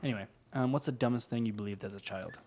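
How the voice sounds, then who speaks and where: A man's voice: mid-range voice, fast talker, darkish tone. Young man rambling in a casual podcast. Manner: rambling, laughs often, restarts words. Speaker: podcast co-host. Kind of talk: casual chat.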